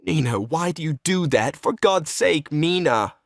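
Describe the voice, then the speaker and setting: A man's voice: medium pitch, expressive, unhurried, no room sound, clean studio sound, lightly acted. A man reading the role of a despairing, lovesick young writer in a play reading, earnest and pleading.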